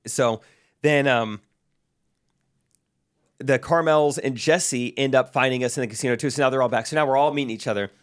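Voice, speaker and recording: A young man, a podcast co-host, casually telling a story and acting out the people he quotes in a higher voice. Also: moderate pace, long pauses, smooth. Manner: animated, acts out quoted voices in a higher pitch.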